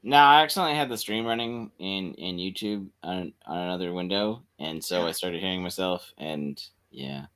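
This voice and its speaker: A man's voice: deep voice, moderate pace, few pauses, a bit bright, clear, resonant tone. A man co-hosting a livestream, talking casually and cracking jokes. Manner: joking, talkative. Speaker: co-host.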